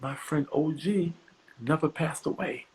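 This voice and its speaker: Animated, profane male storyteller. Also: a little high, unhurried, rough recording. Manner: animated, profane, acts out voices. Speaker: guest comedian. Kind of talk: casual podcast storytelling.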